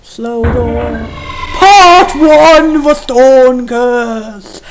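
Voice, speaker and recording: This woman's voice is on the high side, and she draws out her words. As a let's play host, she gives casual, chatty commentary during gameplay, comparing the game with other versions while its music plays behind her.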